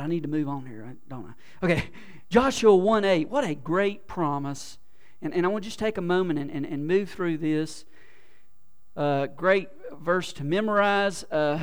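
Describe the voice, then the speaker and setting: Male pastor, high-pitched, sermon delivery with big swings between hushed and loud. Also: clean tone. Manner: swings from quiet muttering to loud exclaiming; repeats words, restarts phrases.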